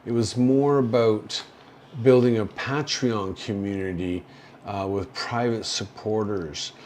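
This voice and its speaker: An older man hosting a casual livestream, talking in a halting, rambling way with many fillers and soft chuckles as he reads viewer chat. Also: fairly low pitch, fairly even intonation, a little hiss or hum.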